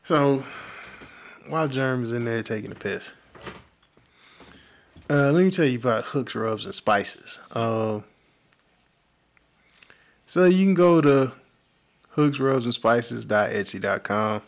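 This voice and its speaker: Man, podcast co-host, casual storytelling, animated, profane, mid-pitched voice. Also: slow pace, gravelly, pauses often.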